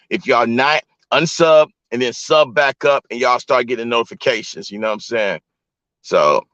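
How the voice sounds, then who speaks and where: A man's voice: medium pitch, a bit bright, no room sound. A man vlogging from a vehicle on his phone, telling stories to his live chat in a loose, profane, talk-straight-to-you way. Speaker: vlogger and live-stream host. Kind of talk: casual storytelling to a live chat. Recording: dull lo-fi phone audio, dry.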